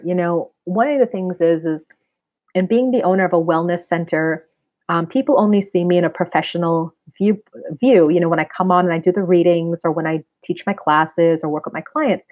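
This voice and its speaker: Low-voiced woman in her forties on a tinny line. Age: 40s. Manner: chatty and earnest, addresses viewers directly. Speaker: spiritual reader and wellness center owner. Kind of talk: casual live-stream chat with viewers. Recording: tinny phone-like sound.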